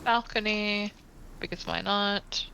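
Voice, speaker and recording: Bright-voiced woman streamer, relaxed banter. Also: medium pitch, slow, vocal fry, a little hiss or hum, rough recording. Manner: relaxed, offhand, swears casually. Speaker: streamer host. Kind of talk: casual chat while gaming.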